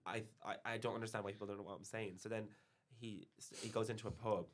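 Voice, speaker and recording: A man's voice: on the low side, fairly even intonation, fast. A young man from Ireland with an Irish accent, chatting as a podcast guest and rambling with lots of "like" and restarts. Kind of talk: casual chat.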